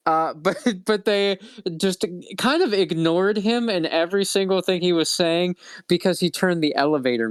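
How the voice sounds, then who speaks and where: A man acts as game master, loosely recapping the last session and then narrating the next scene. His voice is smooth and resonant, and the recording is dry and close. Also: a little high, no echo. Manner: laughing, halting, loose storytelling.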